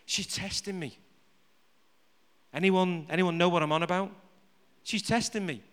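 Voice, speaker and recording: A man's voice: sits high, fairly even intonation, unhurried, a bit bright. A man preaching a live sermon to a congregation. He jokes with the room and keeps asking it rhetorical questions. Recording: reverberant hall.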